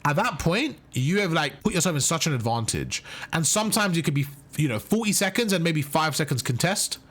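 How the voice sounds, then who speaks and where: A man's voice: fairly high pitch, very animated, a little fast, fairly bright tone. A man coaching viewers through match footage, emphatic and often checking in with "right?" and "okay?". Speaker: competitive gaming coach.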